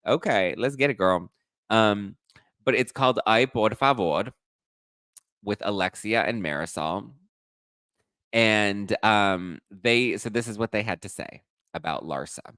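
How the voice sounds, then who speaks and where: A man hosting a casual celebrity gossip livestream, sassy and dishy, swearing freely and tossing in quick asides. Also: fairly low pitch, pushed and bright, clean tone, no room sound. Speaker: pop culture podcast host.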